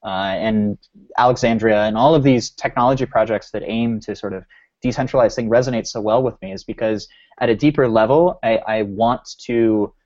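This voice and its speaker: A man's voice: fairly low pitch, moderate pace, darkish tone. Rambling man on a lo-fi podcast. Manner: rambling, with many restarts and fillers. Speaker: podcast co-host. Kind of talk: casual podcast discussion.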